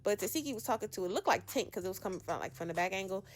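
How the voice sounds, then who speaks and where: A woman's voice: medium pitch, lively intonation, rapid-fire. A woman hosting a casual reality TV recap, talking sassy and slangy with dramatic asides. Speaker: reality show recap host.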